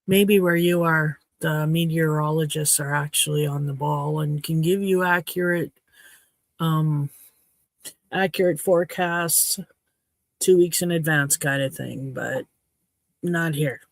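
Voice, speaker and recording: A woman from Saskatchewan hosting a casual livestream chat at home, rambling and frank, her throat a little hoarse. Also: low voice, steady tone, unhurried, no room sound. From Saskatchewan, Canada. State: slightly hoarse throat after choking. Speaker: livestream host. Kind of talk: casual chat to a live audience.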